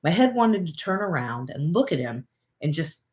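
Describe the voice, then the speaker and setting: A woman's voice: low voice, very animated, moderate pace. Candid woman telling a personal story. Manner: candid, repeats phrases while thinking aloud. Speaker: relationship coach and co-host.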